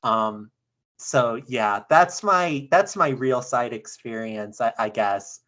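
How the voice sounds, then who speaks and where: A young woman earnestly retelling a dream on a video call, halting, with many fillers and restarts. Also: a bass voice, a bit bright. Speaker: session participant.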